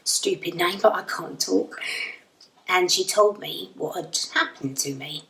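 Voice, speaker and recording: A woman's voice: fairly low pitch, a little slow, pushed and bright, echoey room, far from the mic, poor audio. A wry, rambling young Englishwoman. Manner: dry, rambling and self-mocking. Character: wry, self-deprecating young woman lost in a void. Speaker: narrator and lead character. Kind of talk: audio drama monologue.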